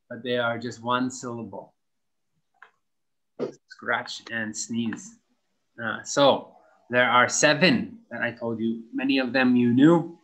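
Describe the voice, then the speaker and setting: Slow, patient male English teacher. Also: mid-range voice, fairly bright tone. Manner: spells words out letter by letter and repeats words for practice. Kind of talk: slow, clear classroom instruction.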